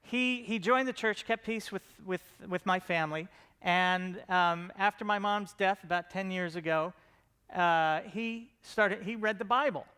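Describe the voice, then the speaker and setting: A man's voice: high voice, a little slow, pushed and bright, clear, resonant tone. A middle-aged man giving a casual, joking conference talk about his comedy show, self-deprecating and full of fillers and restarts.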